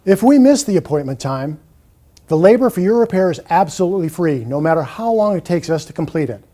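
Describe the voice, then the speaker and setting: A man's voice: sits high, animated, brisk, dark tone. A man voicing a friendly business owner reading an on-hold message, reassuring and salesy. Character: small business owner recording phone greeting.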